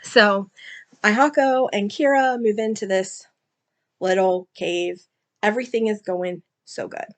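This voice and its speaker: A woman talks casually about books she has read, retelling the plot in a loose, rambling way. She uses plenty of fillers and asides and stays at a middle pitch. Her delivery is personal and conversational. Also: steady tone, a little slow. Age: adult, mother. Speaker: book reviewer. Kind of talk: casual book discussion.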